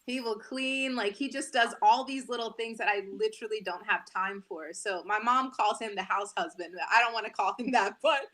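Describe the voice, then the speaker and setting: A woman's voice: a little high, moderate pace, hardly any pauses, a bit bright. A woman news anchor in her thirties, chatting candidly and animatedly as a guest on a talk show.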